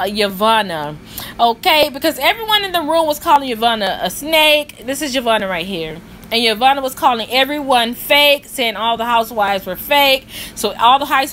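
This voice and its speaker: A woman hosting her own vlog, chatting in an animated, gossipy way about a reality show. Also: high voice, a little hiss or hum. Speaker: vlog host. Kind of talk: casual gossip commentary.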